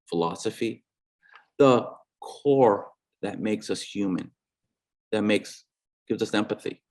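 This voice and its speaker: Low-voiced, earnest man with halting speech. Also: creaky, a little mellow. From New England, USA. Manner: earnest, halting with restarts and repeated words. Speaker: guest artist and educator. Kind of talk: casual interview chat.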